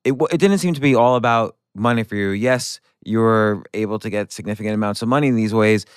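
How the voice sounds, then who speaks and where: A man's voice: fairly low pitch, quick pace, smooth, no echo, studio quality. A man hosting an interview, asking curious questions and searching for words as he goes. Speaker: interviewer, host.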